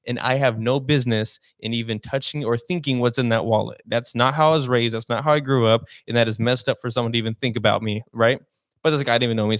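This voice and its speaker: A young man tells a personal story in a loose, rambling way, full of "like" and false starts. His voice sits at a middle pitch. The sound is close and dry, with no room around it. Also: no echo. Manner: rambling, animated, frequent "like" fillers and restarts. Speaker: podcast host. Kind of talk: casual storytelling.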